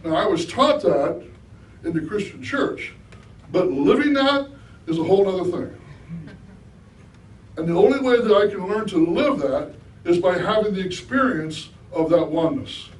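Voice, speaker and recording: A middle-aged man with a somewhat high voice gives a relaxed spiritual talk, often turning to his audience with questions. He sounds set back from the mic, and the hall around him echoes, with a faint hiss of room noise. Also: normal speed, pauses often, distant mic. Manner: conversational, asks the audience questions. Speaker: guest speaker.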